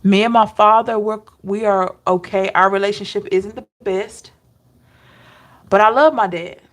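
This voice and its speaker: A woman talking slowly and tenderly, her feelings close to the surface. She lingers over each thought, pausing for quiet hums as she reflects. Her pitch sits in an ordinary middle range. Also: steady tone. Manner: slow, emotional and heartfelt, with soft hums. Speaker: tarot reader. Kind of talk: personal reflective talk.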